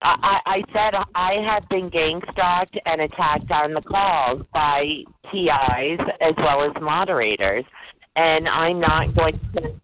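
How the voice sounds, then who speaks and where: A woman's voice: sits low, measured pace, narrow, tinny audio. Earnest woman caller on a noisy line. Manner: earnest, repeats herself, stammers on starts. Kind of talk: call-in conversation.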